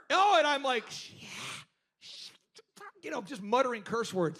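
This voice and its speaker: A man's voice: sits high, big pitch swings, quick pace, fairly bright tone. A man in his forties hosting a business workshop, telling stories to a live group and acting out other people's lines with animation.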